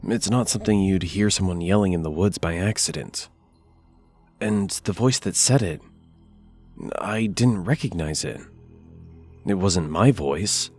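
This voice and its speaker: A man narrating a first-person scary story in a measured, hushed delivery with deliberate pauses. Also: low voice.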